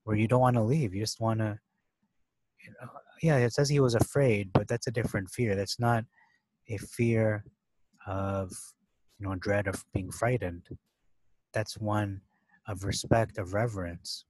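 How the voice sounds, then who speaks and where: In a lowish, darkish voice with fairly even intonation, a man unhurriedly thinks aloud through a Bible passage, leaving long pauses, stumbling over fillers and restarts, and stressing key words. It's casual scripture study, rough-sounding with no room sound.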